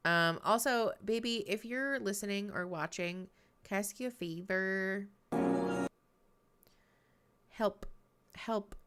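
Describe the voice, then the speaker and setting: A woman's voice: mid-range voice, normal speed, loud music behind the voice. A woman therapist chatting casually on a live stream, chatty and self-deprecating, laughing often. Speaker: therapist streaming a reality-show reaction.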